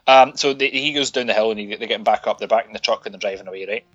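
A Scottish man rants and jokes his way through a casual film-review chat, swearing freely. His voice sounds bright and forceful. The recording is slightly dull and lo-fi, with faint music underneath. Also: lowish voice, racing. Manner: sweary, ranting, animated. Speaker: podcast co-host.

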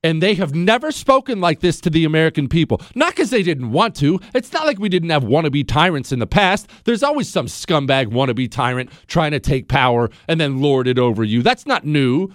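Man, radio host, indignant, incredulous, higher-pitched voice, very animated, dry close studio sound. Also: brisk, few pauses, no echo. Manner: indignant, incredulous, swinging from mutters to outbursts. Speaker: radio talk show host. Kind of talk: opinionated call-in talk radio. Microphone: studio microphone.

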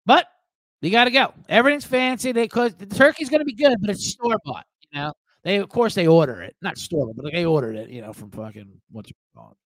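A man's voice: sits high, fast talker, dry recording, rough recording. A man hosting a sports betting show, ranting comically with lots of swearing and mimicking relatives. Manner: profane, animated, mimics family members. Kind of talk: comedic live-stream rant.

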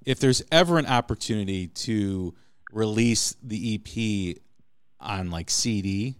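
A man hosting a podcast interview, chatting casually and telling animated stories. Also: fairly low pitch, unhurried, slight background noise. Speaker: podcast host.

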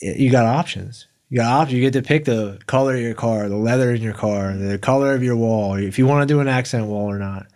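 A man's voice: medium pitch, fast, hardly any pauses, darkish tone. A man talking as a guest on a casual show about recovery, easygoing and swearing often. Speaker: podcast guest.

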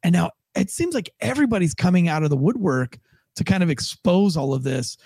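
A man's voice: high voice, expressive, a little fast, gravelly, warm tone, no room sound. A man, a former police officer, co-hosting a podcast in a rambling, casual way with many restarts. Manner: rambling, restarts a lot, acts out quoted tones.

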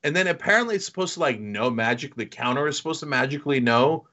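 A man's voice: on the high side, fast talker. A man co-hosting a podcast, chatting casually and telling a comic story, acting out the other people's lines. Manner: animated storytelling with acted-out quotes. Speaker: podcast co-host. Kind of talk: casual comedic chat.

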